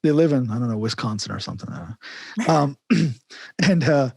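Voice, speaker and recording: A man's voice: mid-range voice, lively intonation, moderate pace, vocal fry, darkish tone, husky, no room sound. A man hosting a podcast interview, talking casually in a rambling way with many restarts and chuckles. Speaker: podcast host.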